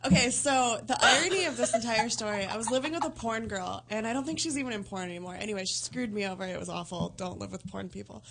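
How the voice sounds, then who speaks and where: A woman's voice: mid-range voice, fast talker, gravelly, few pauses, a bit bright, a little hiss or hum. A woman guest on a casual talk show, telling a story bluntly and with lots of profanity. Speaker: podcast guest.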